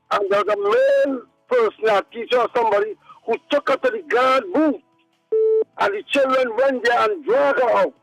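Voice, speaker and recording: Male caller with a very high, lively, gravelly voice, indignant and animated. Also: poor audio. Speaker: radio call-in caller. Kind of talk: phoned-in comment on a talk show.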